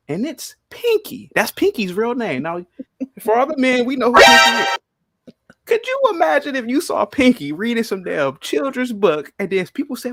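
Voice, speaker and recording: A man's voice: high-pitched, big pitch swings, moderate pace, fairly bright tone. A man hosting a heated live-stream debate, combative and repeating his questions insistently. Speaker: podcast host.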